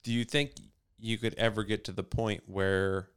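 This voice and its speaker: Smooth-voiced man, thoughtful. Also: on the low side, flat delivery, normal speed, a bit bright. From United States. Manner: thoughtful, asks questions, stammers when starting. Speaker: podcast co-host. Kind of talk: casual conversation.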